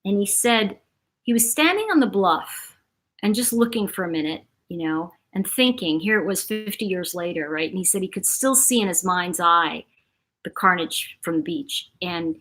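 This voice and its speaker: A woman's voice: mid-range voice, expressive, a little slow, a bit bright. Chatty woman livestreaming. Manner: rambling, chatty, greets viewers by name. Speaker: livestream host. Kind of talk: casual livestream chat.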